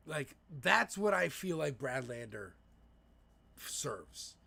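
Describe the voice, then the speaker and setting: Gravelly man ranting on a stream. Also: on the high side, sing-song, slow pace, sharp tone. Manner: profane, rambling, frequent restarts. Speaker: livestream co-host. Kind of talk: casual political talk stream.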